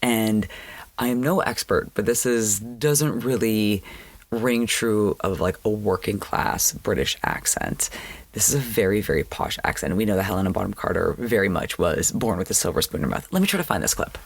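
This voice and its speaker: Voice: medium pitch, lively intonation, moderate pace, vocal fry, husky, no echo. A podcast host giving a chatty, wry recap of a TV episode and repeating words for emphasis. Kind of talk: casual recap commentary.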